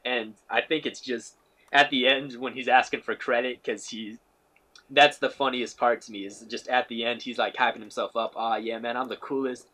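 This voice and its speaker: Relaxed man chatting about records. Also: medium pitch, normal speed. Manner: relaxed, enthusiastic, loose storytelling with fillers. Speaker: podcast guest. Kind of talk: casual music discussion.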